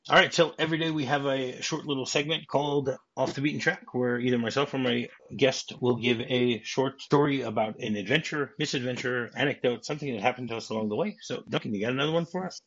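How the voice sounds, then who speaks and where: A man hosting a podcast, briskly introducing segments and wrapping up. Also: mid-range voice, fairly bright tone, slightly rough. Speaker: podcast host. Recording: dull lo-fi podcast audio.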